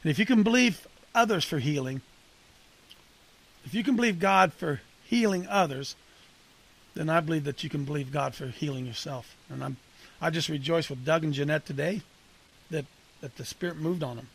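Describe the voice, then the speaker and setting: A man's voice: on the high side, normal speed, creaky, pauses often, a bit bright, slightly rough. A man coaching and casually preaching to a men's group, conversational and punchy, calling on listeners by name.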